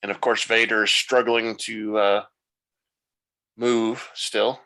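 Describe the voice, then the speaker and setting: A man's voice: fairly low pitch, little pitch movement, slow, pushed and bright, low-quality recording. A man hosting a podcast, retelling the plot loosely in a casual recap and thinking aloud as he goes. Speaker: podcast host.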